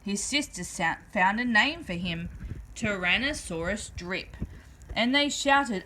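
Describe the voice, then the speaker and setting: A woman reading a rhyming children's picture book aloud, with an animated, rhythmic delivery. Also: medium pitch, unhurried, slight background noise, rough recording. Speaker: storyteller.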